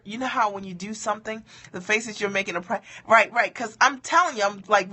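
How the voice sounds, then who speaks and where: A woman speaker for mothers, telling a humorous personal story in an animated way, often checking in with her listeners and laughing at herself. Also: mid-range voice. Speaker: motivational speaker for moms.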